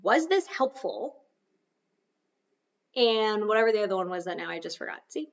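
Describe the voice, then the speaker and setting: A woman's voice: mid-range voice, big pitch swings, moderate pace, creaky, recorded from a distance, muffled recording. A woman hosting a solo podcast, talking casually in a chatty, self-deprecating coaching tone. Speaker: podcast host.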